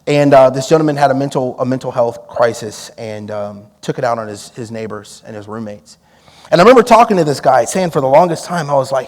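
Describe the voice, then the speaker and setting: A man preaching a storytelling sermon, drawing on his time as a police negotiator and acting out the dialogue with lively energy. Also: mid-range voice, brisk, in a large hall. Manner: animated, acts out quoted dialogue with laughs.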